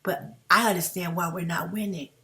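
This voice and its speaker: A woman's voice: lowish voice, steady tone, normal speed, sharp tone. A woman, talking straight to her viewers as "family" in an impassioned commentary vlog. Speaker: YouTube commentator. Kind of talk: direct-to-camera commentary vlog.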